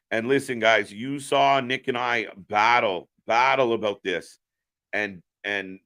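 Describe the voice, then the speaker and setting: A man's voice: medium pitch, pushed and bright. A man hosting a live reaction stream, giving opinionated, profane commentary.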